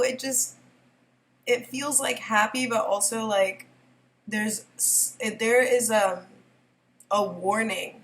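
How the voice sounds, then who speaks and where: A woman's voice: fairly high pitch, steady tone, takes it slowly, long pauses, fairly bright tone, slight background noise. A young woman doing a casual tarot reading, rambling and giggly, often emotional. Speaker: tarot reader.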